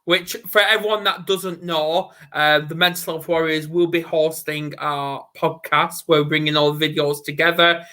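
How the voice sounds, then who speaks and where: Bright-voiced Northern English male host. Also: fairly high pitch, fairly even intonation, moderate pace, few pauses. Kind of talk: live online interview, quick-fire questions.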